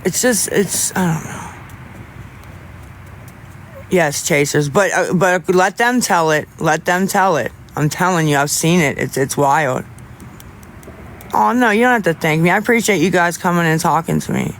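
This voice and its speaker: Rambling young man, halting, slightly high. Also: a bit bright, a little hiss or hum. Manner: rambling, halting, with many restarts. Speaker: livestreamer. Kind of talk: casual livestream chat with viewers.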